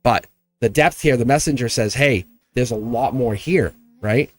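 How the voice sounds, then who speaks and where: A man's voice: mid-range voice, normal speed, soft background music. A man with a Southern accent, reading tarot on a casual livestream and talking straight to his viewers, laughing often. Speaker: tarot reader.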